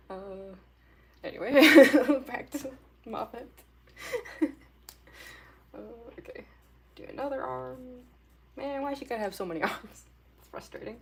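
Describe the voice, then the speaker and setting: A woman's voice: sits high, takes it slowly, vocal fry, long pauses. A young woman chatting casually with her viewers during a drawing livestream. She giggles often and talks in a loose, rambling way with lots of fillers. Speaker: artist livestreamer.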